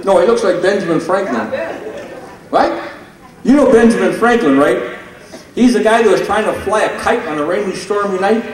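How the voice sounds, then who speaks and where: A man's voice: high voice, lively intonation, normal speed, pauses often. A man telling jokes on stage at a benefit and teasing people in the audience. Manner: teasing, jokey, ribs audience members. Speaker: stand-up comedian at a benefit. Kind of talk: live stand-up joke telling. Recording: echoey hall, far from the mic, crowd noise.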